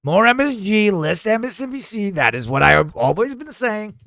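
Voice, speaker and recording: A man's voice: high-pitched, big pitch swings, moderate pace, gravelly, sharp tone, a little hiss or hum. A man streaming live, reacting to news footage with crude, sarcastic commentary.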